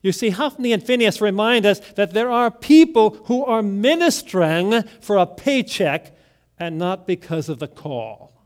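A man pastor preaching a sermon, deliberate, swinging between loud emphasis and hushed lines. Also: high voice, expressive.

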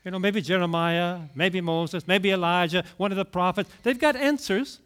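A middle-aged male pastor preaching a sermon, telling stories with lively acted-out voices. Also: high-pitched, normal speed. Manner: animated storytelling, acting out voices.

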